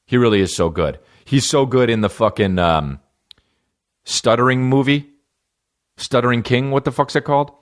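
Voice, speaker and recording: A man's voice: medium pitch, moderate pace. A man hosting a comedy podcast, talking in a profane, rambling and jokey way. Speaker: podcast host.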